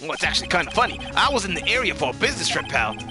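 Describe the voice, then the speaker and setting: Brief: streamer as a gruff, friendly cop guy, plain-talking, with music behind. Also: medium pitch, very animated, very fast, voice pushed up, lightly acted. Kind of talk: let's play voice acting.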